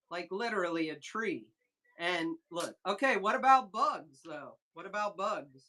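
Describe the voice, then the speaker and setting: A woman runs a casual live sales stream, talking to her viewers and reacting loudly to their comments. Her voice is bright and forceful, and she takes her time getting the words out. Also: medium pitch. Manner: excitable, chatty, reads chat aloud. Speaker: livestream seller host. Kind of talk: casual livestream chat with viewers.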